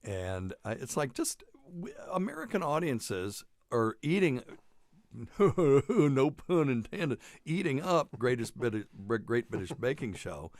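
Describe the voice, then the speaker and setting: A man's voice: medium pitch, wildly swooping pitch, normal speed, hardly any pauses, no room sound, studio quality. A man hosting a casual medical talk show, rambling and joking, often laughing at his own lines. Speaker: podcast host, doctor. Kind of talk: casual chat.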